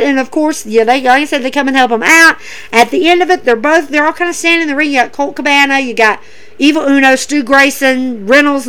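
A woman hosting a wrestling show, recapping matches in an excitable, rambling way with lots of fillers. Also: high voice, rough recording. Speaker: wrestling podcast host. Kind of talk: casual recap and commentary.

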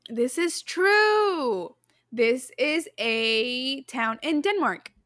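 A woman with a high, bright voice reads quiz items in loose, giggly chat. She is recorded close and dry, with no room sound. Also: expressive, drawn-out words, no echo. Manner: giggly, chatty, laughs often. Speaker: podcast co-host running a quiz. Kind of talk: casual chat.

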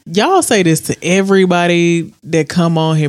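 A woman co-hosting a casual podcast and chatting candidly about people she watches. She tells lively stories, slipping into other voices for the quotes, and her speech is blunt and explicit. The sound is dry and close, with hardly any room. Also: on the low side, moderate pace, dry recording. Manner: candid, animated storytelling with mimicked quotes; explicit, frank commentary. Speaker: podcast co-host.

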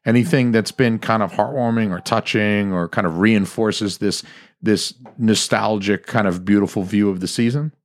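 Jokey young podcast host, lowish voice. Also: male voice, moderate pace. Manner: chatty, jokey, animated when retelling stories. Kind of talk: casual podcast chat.

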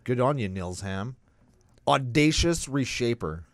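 A man co-hosting a casual card-game chat, joking and laughing with quick quips. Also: mid-range voice, expressive, no room sound, studio quality. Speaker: co-host.

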